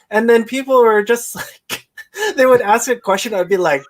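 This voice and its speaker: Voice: mid-range voice, lively intonation. A podcast co-host telling a workplace story in casual chat, full of "like" and restarts. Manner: halting, filler-heavy with "like" and laughter. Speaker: podcast co-host, casino dealer.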